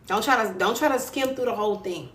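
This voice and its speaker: A woman's voice: medium pitch, fast talker, a bit bright, slight background noise. A woman author hosting a casual live stream, chatting encouragingly with viewers and greeting them by name. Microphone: phone. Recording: echoey room with faint ambience.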